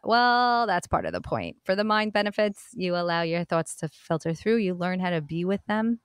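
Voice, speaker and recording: A woman's voice: on the low side, lively intonation, moderate pace, hardly any pauses, clear, resonant tone, dry recording, studio quality. A woman hosting a self-help podcast, talking earnestly and encouragingly to her listeners in a casual, direct way. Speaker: podcast host. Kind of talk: motivational self-help talk.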